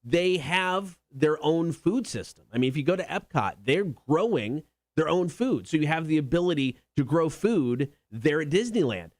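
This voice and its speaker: A man's voice: fairly high pitch, expressive, moderate pace, dry recording. A man co-hosting a morning radio show from a studio mic, bantering and laughing often.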